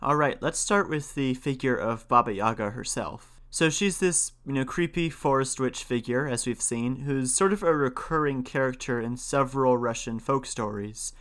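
A man reading a folktale aloud in a steady, measured voice, then talking through it in a casual lecture. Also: medium pitch. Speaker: storyteller and lecturer.

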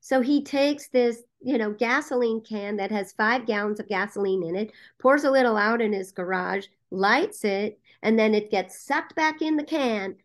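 A woman guest on a podcast interview, a casting director and producer telling a story in a lively way with frequent "um" fillers. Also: on the high side, moderate pace, few pauses.

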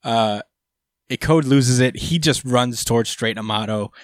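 A man's voice: mid-range voice, measured pace, no room sound, clean studio sound. A man hosting a casual recap chat, laid-back, swearing freely, laughing often, with lots of fillers.

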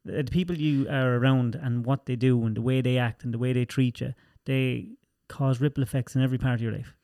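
Man host, quick talker, dry close sound, short questions. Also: medium pitch, steady tone, dark tone, no echo. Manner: brief interjections and follow-up questions. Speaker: podcast host. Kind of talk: podcast conversation.

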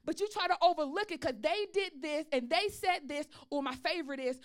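Woman pastor, sermon, animated storytelling, high voice, asks the crowd for responses. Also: a little fast, few pauses.

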